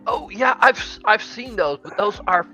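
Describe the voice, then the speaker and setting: A man with a fairly high voice chats bluntly on a stream, cursing casually as he chimes in. Faint music hums behind. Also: expressive, normal speed, bright, forceful tone, lo-fi sound.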